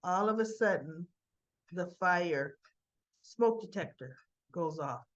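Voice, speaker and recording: A woman chattily retelling a soap opera episode, animated, with frequent asides. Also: fairly low pitch, slow, dull audio. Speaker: soap opera recap vlogger. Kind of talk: casual recap of a TV episode.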